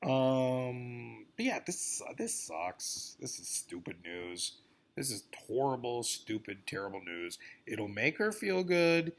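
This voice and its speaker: Profane man ranting with lively pitch. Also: slow pace. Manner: profane, rambling, swings between grumbling and outbursts. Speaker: vlogger. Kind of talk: rambling celebrity-news rant.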